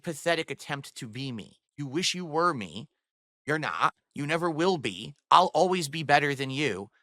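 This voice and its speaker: On the high side and sharp-toned, a man's voice comes through with no room sound. He's in his home studio livestreaming a rant into a boom-arm studio mic, cursing and mocking a rival scornfully as he talks to his chat.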